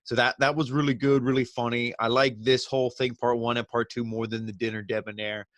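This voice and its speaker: A man's voice: medium pitch, flat delivery, brisk, fairly bright tone, no echo. A man casually recapping and reviewing a wrestling show, rambling with lots of fillers. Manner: loose, rambling, heavy on "you know" and "like".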